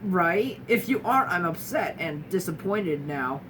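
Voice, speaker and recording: Here a young woman appears as a guest, talking casually and frankly about her experience in a lowish, animated, unhurried voice. She has a wry streak, regularly restarting and mimicking others mid-sentence. The mic is distant, leaving her a bit off-mic with obvious room noise in this talking-head chat.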